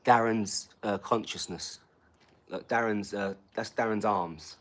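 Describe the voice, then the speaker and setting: A man's voice: lowish voice, fairly even intonation, a little slow, a bit bright. A man, chatting casually on a live stream and bantering with a troll in his comments.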